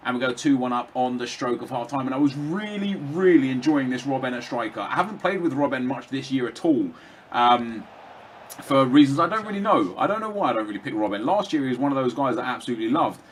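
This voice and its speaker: Young guy talking fast over gameplay footage, chatty and rambly, lots of ums, faint hiss behind. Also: medium pitch, animated. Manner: rambling, chatty, frequent fillers and restarts. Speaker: gaming commentator. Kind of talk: casual gameplay commentary.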